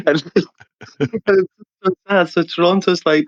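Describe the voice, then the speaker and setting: A man's voice: medium pitch, a little slow, no room sound, lo-fi sound. A man as an interview guest, swearing and laughing as he tells gaming stories over a headset. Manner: animated anecdotes, frequent swearing and laughter. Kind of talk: casual storytelling.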